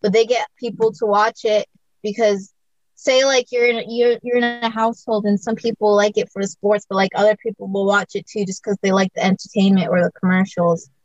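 A woman's voice: mid-range voice, little pitch movement, fairly quick, dry recording, dull audio. A young woman from the US chatting casually about sport, rambling with many fillers. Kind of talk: casual chat.

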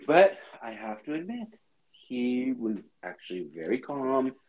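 A male podcast co-host tells stories in a casual, chatty way. His pitch rises and falls freely as he dramatizes every twist. He sits at a mid pitch for a man. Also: unhurried, creaky, a crowd in the background, rough recording. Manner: animated storyteller, chatty, dramatic. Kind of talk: casual chat.

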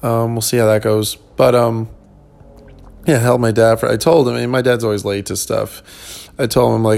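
Tired, gravelly-voiced comedian rambling. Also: male voice, mid-range voice, flat delivery, normal speed, darkish tone. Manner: rambling, many ums and restarts. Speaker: comedian podcast host. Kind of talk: casual solo chat.

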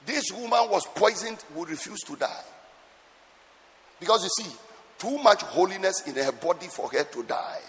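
Emphatic high-voiced male preacher. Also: lively intonation, normal speed, in a large hall, a little hiss or hum. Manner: emphatic, repeats words for stress, swings from soft to loud; sometimes lapses into a sung cadence. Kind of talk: sermon.

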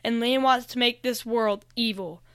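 A woman playing a commanding white dragon lord who booms his words across the land. The tone is bright and clear, recorded dry and close. It is part of a storybook read-aloud. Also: normal speed, no echo, close to an everyday voice. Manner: loud, booming delivery. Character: noble white dragon leader, male, commanding.

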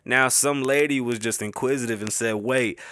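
A man with a Bronx New York accent hosts his podcast in a loose, rambling way, wandering off topic, cursing and laughing. His mid-pitched voice sits close on the microphone in a dry, dead-sounding room. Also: fairly even intonation, normal speed, sharp tone, no echo. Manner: rambling, easily sidetracked, swears and laughs often. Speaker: podcast host. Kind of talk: casual podcast chat. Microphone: close-up podcast mic.

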